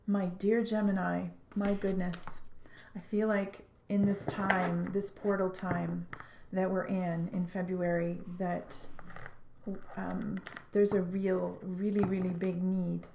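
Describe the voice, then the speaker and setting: A woman giving a spiritual tarot reading in an earnest, halting way, often restarting her sentences. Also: fairly low pitch, flat delivery, gravelly, a little mellow, slight background noise. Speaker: tarot reader. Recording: echoey room.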